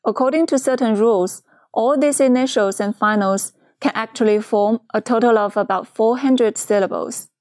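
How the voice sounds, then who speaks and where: A woman teaching a beginner's pronunciation lesson in a clear, patient scripted dialogue. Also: on the high side, normal speed, darkish tone, dry recording, clean studio sound. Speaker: Chinese teacher.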